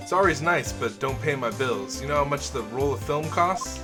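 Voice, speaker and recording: A brash young southern woman photographer with a thick, exaggerated drawl, as a man reads her lines aloud. She is loud, folksy and pushy, with a mid-range voice. Video game music plays clearly underneath. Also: mid-range voice, animated, moderate pace, lightly acted. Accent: exaggerated Southern US drawl put on.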